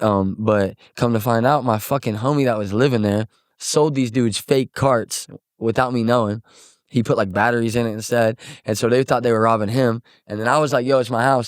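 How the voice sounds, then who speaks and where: A man's voice: mid-range voice, clean tone, no room sound, studio quality. A young man from Missouri, a musician guest, telling a story casually and acting out quotes with lots of swearing.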